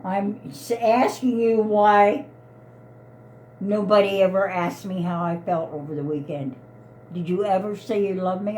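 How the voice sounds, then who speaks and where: An elderly woman in her eighties speaks to her grown children in an upset, pleading voice. She circles back over the same complaints. Her pitch sits in a middling range. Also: fairly even intonation, unhurried, dark tone, slight background noise. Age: 80s. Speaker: elderly mother. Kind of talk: heated family argument.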